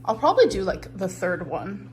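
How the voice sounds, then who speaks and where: A woman's voice: mid-range voice, huge pitch swings, moderate pace, slight background noise. A woman talking casually in a vlog, ending her phrases with a rising upward inflection. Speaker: vlogger.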